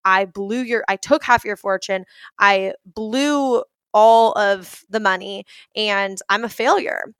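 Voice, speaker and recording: A woman's voice: medium pitch, slow pace, a bit bright, smooth, dry recording. Ashamed prodigal son read by a woman, self-blaming, in a dry close voice. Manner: self-deprecating, pleading. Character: ashamed young son who wasted fortune.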